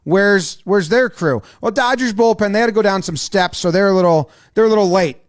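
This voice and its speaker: Excitable high-voiced man breaking down baseball. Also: fast. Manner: excitable, profane, acts out players' lines. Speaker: sports video commentator. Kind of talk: casual game breakdown commentary.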